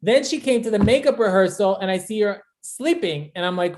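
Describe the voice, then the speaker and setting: A chatty, encouraging host runs a graduation over a video call, teasing the graduates now and then. The voice sits at a middling pitch and is heard through a call microphone. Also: a little fast, hardly any pauses, a little mellow. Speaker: ceremony host. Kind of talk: hosting a virtual graduation.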